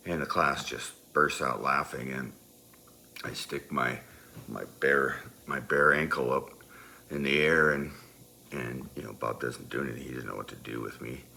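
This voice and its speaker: A man telling a personal story in a loose, animated way, moving from quiet asides to loud, emphatic bursts. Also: very deep voice, a little slow, vocal fry, slight background noise. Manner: loose, with many fillers and restarts.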